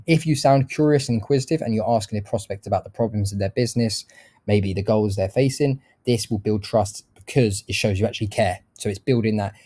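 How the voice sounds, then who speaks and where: A man's voice: lowish voice, fairly quick, warm tone. A man giving a casual sales lesson, explaining bluntly, swearing now and then, and demonstrating how to shift his tone. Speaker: sales trainer. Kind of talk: casual instructional talk.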